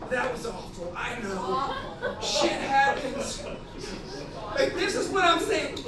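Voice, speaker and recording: A woman in her forties hosting a comedy show, loud and profane, yelling jokes at the crowd. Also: sits high, very animated, takes it slowly. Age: 40s. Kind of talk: stand-up hosting. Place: comedy club stage. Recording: echoey club, far from the mic, loud crowd.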